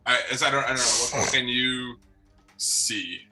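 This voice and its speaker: A man narrating a tabletop game as game master, halting with many ums and uhs. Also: mid-range voice, steady tone, sharp tone, poor audio.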